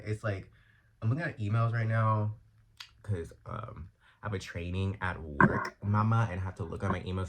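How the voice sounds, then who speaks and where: A man from Los Angeles hosting a casual solo podcast, talking in a chatty, slangy way that bursts into loud, exasperated outbursts. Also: lowish voice. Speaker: podcast host. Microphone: earphone mic.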